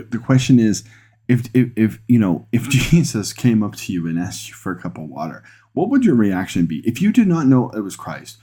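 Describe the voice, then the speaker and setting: A man who is a pastor and podcast host, preaching a sermon in an earnest way, restarting phrases and growing excited when he presses a point. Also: deep voice.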